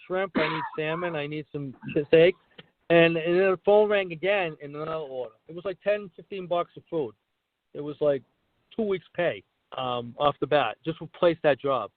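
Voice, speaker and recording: In a casual interview, a middle-aged comedian guest tells career anecdotes and acts out what was said. His voice is fairly high-pitched, and the tinny call-line recording is dry with no room sound.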